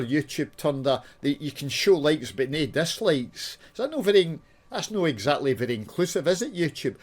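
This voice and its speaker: A Scottish man talking off the cuff to his viewers, with a voice of middling pitch. He rants and swears in broad dialect, dropping to mutters while he works through a game. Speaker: YouTuber. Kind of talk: casual gaming chat with swearing.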